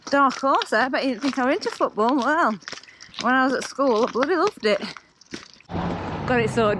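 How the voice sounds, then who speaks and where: A woman chatting casually to camera on a bike ride, bubbly and exclamatory. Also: mid-range voice. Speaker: cycling vlogger. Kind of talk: casual vlog chat to camera while cycling. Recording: outdoor road noise, music underneath.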